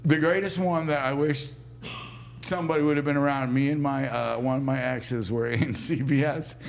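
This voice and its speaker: A man's voice: medium pitch, steady tone, moderate pace, vocal fry, a little hiss or hum. A man as a podcast guest, telling rambling stories in casual chat with frequent fillers and chuckles. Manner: rambling, laughing anecdotes with many fillers. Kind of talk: casual storytelling.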